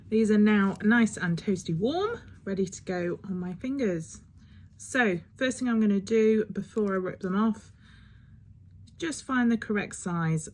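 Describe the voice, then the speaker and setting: A woman's voice: mid-range voice, slight background noise. A woman talking through a step-by-step nail tutorial in a chatty, instructive way that sometimes rambles. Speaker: beauty vlogger.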